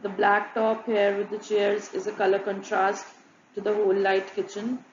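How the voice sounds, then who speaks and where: Woman flatly narrating a design presentation. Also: mid-range voice, moderate pace, a little hiss or hum. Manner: flat, repetitive listing of examples. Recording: muffled, echoey room with faint ambience.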